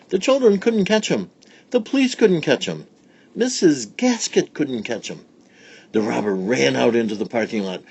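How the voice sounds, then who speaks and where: A man reading a children's story aloud in a playful, expressive way. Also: mid-range voice, normal speed, gravelly.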